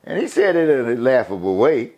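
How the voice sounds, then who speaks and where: An older man from the USA tells a story in a casual interview. His voice swings widely in pitch, rising and falling with each turn of the tale. He talks in an animated, profane way and laughs as he goes. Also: fairly quick. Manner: animated, profane, laughs while telling stories. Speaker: guest storyteller.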